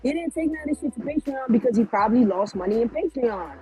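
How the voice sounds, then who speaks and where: A woman's voice: a little high, lively intonation, fast, warm tone, soft background music, rough recording. A woman co-hosting a casual talk show, blunt and profane, asking the same questions over and over. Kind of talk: casual chat.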